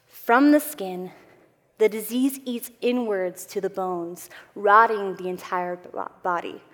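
A woman giving an earnest Bible teaching to a women's group, swelling for emphasis and dropping to soft asides. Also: medium pitch, slow. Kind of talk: sermon. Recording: long hall reverb.

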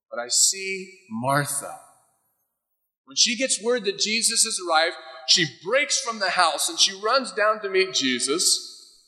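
A man's voice: high-pitched, sharp tone. A man preaching a sermon, sometimes acting out the voices of biblical figures. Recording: hall reverb.

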